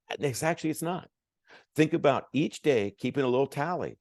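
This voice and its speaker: A man's voice: fairly high pitch, brisk, creaky, no echo, studio quality. A man giving a motivational sales talk as a coach, acting out both sides of conversations. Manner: animated, acts out both sides of dialogues.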